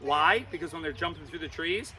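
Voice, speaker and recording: A man's voice: fairly high pitch, brisk, sharp tone. A man presenting a live animal show to kids, playful and teasing.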